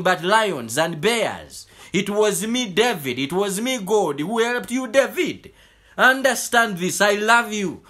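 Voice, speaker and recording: A man's voice: high voice, pushed and bright, heavily acted. A man voicing God in a sermon, speaking tender, reassuring declarations of love.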